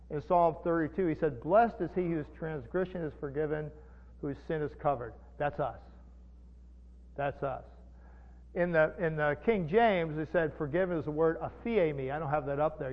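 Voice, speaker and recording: A pastor preaching a sermon, chatty and animated, with jokes and asides. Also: male voice, on the high side, vocal fry. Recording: dull lo-fi sound with long reverb.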